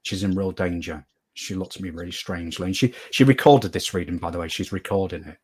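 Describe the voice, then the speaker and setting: Low, husky-voiced man telling a story. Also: fast talker, a little mellow. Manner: earnest, rambling, repeats phrases for emphasis. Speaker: guest medium. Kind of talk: interview storytelling.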